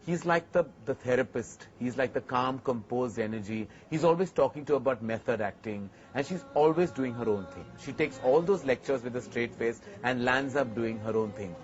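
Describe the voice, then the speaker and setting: A man's voice: medium pitch, moderate pace, hardly any pauses, dull audio. A man, a filmmaker hosting a TV segment, talking earnestly to camera about working with his actors. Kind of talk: reflective to-camera talk.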